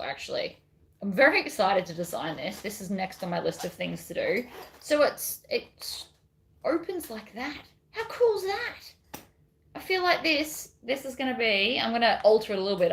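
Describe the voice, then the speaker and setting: A woman who designs bag patterns sews on a livestream, chatting loosely, reading comments from viewers and meandering between steps. Her voice runs on the high side and a bit bright, with a little hiss or hum in the background.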